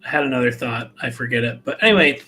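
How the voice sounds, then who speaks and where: A man's voice: mid-range voice, lively intonation, fast talker, pushed and bright, slight background noise. A man hosting a live fragrance chat, talking in a rambling, laid-back way full of fillers. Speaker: fragrance channel host.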